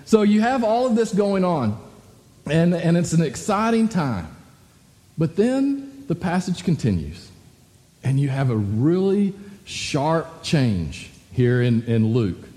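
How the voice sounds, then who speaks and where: A male pastor delivers a conversational sermon to a congregation in a church hall, often asking rhetorical questions and tossing in "right?" asides. His voice is mellow and a little high, with big pitch swings and a slow pace, trailed by a long reverb.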